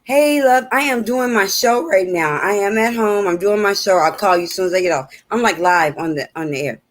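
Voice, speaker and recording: A woman from hosting a casual live talk show from home, telling stories animatedly and laughing often. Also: a little fast. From Chicago, USA. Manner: animated storyteller with big pitch swings, laughs often. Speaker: host and minister.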